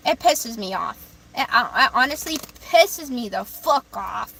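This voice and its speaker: A bright, high-pitched woman streamer talks straight to her chat. She sounds heated and emphatic, swears freely and hammers the same points again and again. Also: lively intonation, measured pace, gravelly, slight background noise. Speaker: livestream host. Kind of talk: livestream talk reacting to chat.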